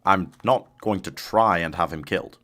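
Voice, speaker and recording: A man's voice: sits low, moderate pace, a bit bright. A man streaming a game live, chatting casually with his chat, laughing often and yelping when danger appears. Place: home streaming setup.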